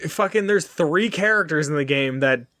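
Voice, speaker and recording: A man's voice: on the high side, lively intonation, moderate pace, sharp tone, no room sound, clean studio sound. A man hosting a casual podcast, rambling and joking with a profane, ranting manner. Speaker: podcast host.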